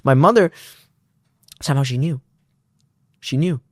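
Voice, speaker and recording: A man's voice: mid-range voice, a little slow, no room sound, studio quality. A young man, a startup founder, casually telling a story in an interview, acting out both sides of phone calls with lots of restarts and fillers.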